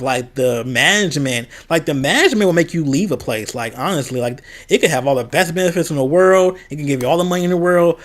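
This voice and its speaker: A young man from the American Midwest, talking candidly in a casual vlog and venting about a past job. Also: on the high side. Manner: candid, venting, quoting others in a raised voice. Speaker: vlogger.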